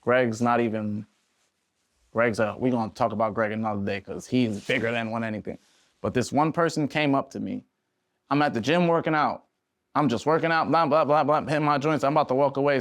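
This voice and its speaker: A young man tells stories in a loose, slangy way, jumping into other people's voices as he goes. His voice sits at an everyday pitch. The sound is close and dry, with no room around it. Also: a little fast, dry recording. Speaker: podcast guest, independent musician. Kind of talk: casual storytelling.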